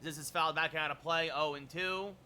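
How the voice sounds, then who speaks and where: Bright, high-voiced man calling baseball. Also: fairly even intonation, a little fast, clear, resonant tone. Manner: chatty, replies to chat between plays; erupts into shouted home-run calls. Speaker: streamer doing play-by-play. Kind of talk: live-stream game commentary.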